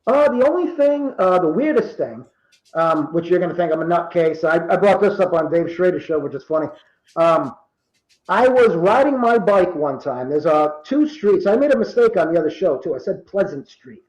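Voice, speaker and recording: High-voiced man from Rhode Island telling stories. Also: normal speed, reverberant, poor audio. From Rhode Island, USA. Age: 50s. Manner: animated storyteller acting out quoted dialogue. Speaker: guest. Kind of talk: casual storytelling.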